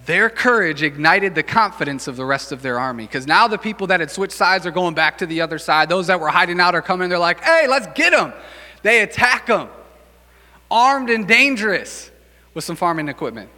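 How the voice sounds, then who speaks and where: A male pastor giving a casual, animated sermon and acting out quick voices for the people in the story. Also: fairly high pitch. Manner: animated, acts out quick voices for biblical figures. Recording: long hall reverb.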